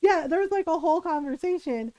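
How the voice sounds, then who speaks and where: A woman streamer telling a story in casual chat, animated, often tagging lines with "right?" and laughing. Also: very high voice, fairly quick, no echo, highs cut off.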